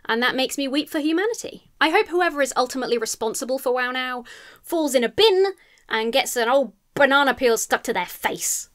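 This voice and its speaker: A woman's voice: high-pitched, lively intonation, brisk, a bit bright. A woman giving a scripted film review, sarcastic and exasperated, swearing freely.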